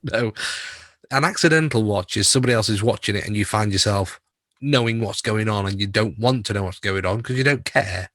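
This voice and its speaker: Brief: male podcast co-host, lowish voice, dry close sound, chatty storyteller who laughs a lot. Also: fairly quick, a bit bright, no echo. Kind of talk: casual chat.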